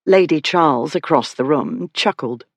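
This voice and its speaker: An audiobook narrator with a steady, mid-pitched storytelling read. The recording is close and dry, with no room sound at all. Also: moderate pace, dry recording. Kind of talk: scripted narration.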